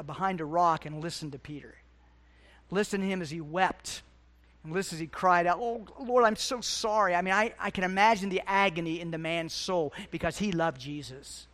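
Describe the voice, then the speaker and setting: A middle-aged pastor delivers a sermon in a notably high-pitched voice. He preaches with passion, climbing to loud, emphatic peaks before falling back to quiet, hushed asides.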